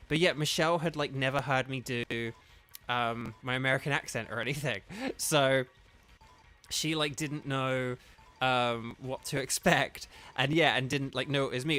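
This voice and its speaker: An English voice actor chats casually on a livestream, rambling with many fillers and restarts. His voice sits mid-range with a sharp tone.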